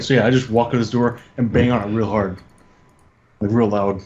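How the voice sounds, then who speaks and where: A man's voice: on the low side, little pitch movement, normal speed. A man playing a tabletop game, casually rambling through plans with the group. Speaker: player. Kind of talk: tabletop game planning chat. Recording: dull lo-fi mic, faint noise.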